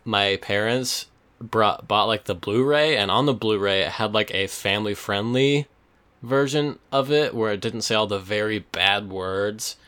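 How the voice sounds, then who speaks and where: Young male co-host, clear resonant tone, casual and meandering. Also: fairly low pitch, a little slow, fairly bright tone. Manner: rambling, laid-back, frequent fillers. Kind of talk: casual chat.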